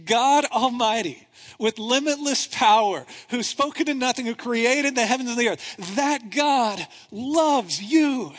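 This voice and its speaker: Pastor, male, high-pitched voice, animated conversational sermon delivery, lots of "right?", in a church with long reverb. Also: a little slow. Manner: animated, conversational preaching with rhetorical questions. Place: church sanctuary. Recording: reverberant hall.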